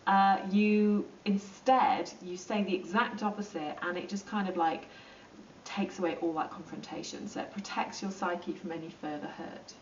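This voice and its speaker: A woman explaining psychology in a relaxed, chatty lesson, with plenty of ums and acted-out asides. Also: lowish voice, moderate pace, a little hiss or hum. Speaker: psychology teacher. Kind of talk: informal lesson explaining to camera. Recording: roomy, distant and dull.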